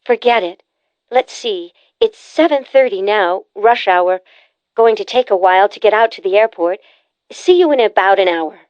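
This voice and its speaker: Brisk, pushy adult sister in an audiobook, voiced by the female narrator; slightly muffled, dull recording. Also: medium pitch, expressive, darkish tone, clear, resonant tone, no echo, natural voice. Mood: breezy, insistent. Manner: pushy, bossy, teasing. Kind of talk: audiobook character voice.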